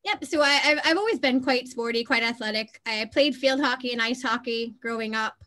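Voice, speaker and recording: A fairly high-pitched woman in her thirties, American-accented with a few Belfast turns of phrase. She chats easily in an interview, telling stories and laughing along the way. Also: brisk, sharp tone. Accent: American with Belfast touches. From Boston, USA. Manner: chatty storyteller, laughs easily. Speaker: interview guest. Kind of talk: casual interview chat.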